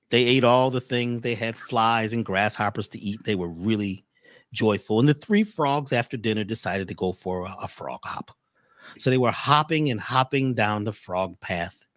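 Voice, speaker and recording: A man's voice: lowish voice, dry recording, studio quality. A man speaking as a guest, telling a motivational story in a preachy, emphatic way.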